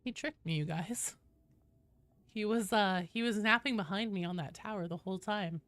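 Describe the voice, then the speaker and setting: Over music, a young woman with a mid-range voice and moderate pace streams a game from her home office, door closed. She chats casually with viewers, talks to her cat and reads out the queue.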